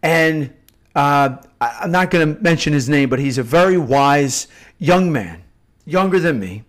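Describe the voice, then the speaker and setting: A middle-aged man with a fairly high voice speaks as a devotional host. He talks off the cuff and earnestly, circling back and repeating words as he builds to a point. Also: animated, measured pace. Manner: earnest, repeats and restarts phrases for emphasis. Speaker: Catholic novena host. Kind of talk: spontaneous devotional teaching.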